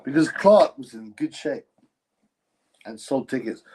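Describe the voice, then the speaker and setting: A man's voice: mid-range voice, expressive, a little slow, darkish tone, breathy edge, rough recording. Blunt opinionated man livestreaming boxing. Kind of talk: casual livestream commentary reading chat.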